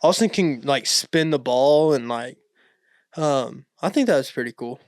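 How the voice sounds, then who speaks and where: A young man tells stories in a relaxed, rambling way, full of "like" and "um". His voice is smooth and resonant at a middle pitch. The sound is dry and close to the mic. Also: measured pace, no room sound. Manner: relaxed, rambling storyteller with many fillers. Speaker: podcast co-host. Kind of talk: casual chat.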